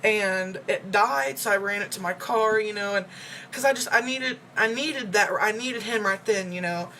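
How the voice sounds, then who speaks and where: This young vlogger's mid-range voice has a sharp edge as she moves at a moderate pace through an emotional, rambling account packed with fillers. It's a casual check-in video, and a little hiss or hum runs underneath.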